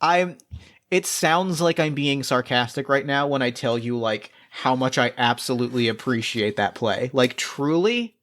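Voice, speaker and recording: A man's voice: mid-range voice, measured pace, fairly bright tone, natural voice. A man voicing a flustered, effusive female celebrity who gushes, apologizes and stammers. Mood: gushing.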